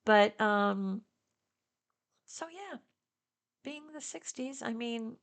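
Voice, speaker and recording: A woman's voice: fairly high pitch, animated, drawn-out words. A woman in her sixties from the Detroit area, chatting casually to her viewers as a vlogger, rambling with fillers and little laughs. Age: 60s. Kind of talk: casual chat to camera.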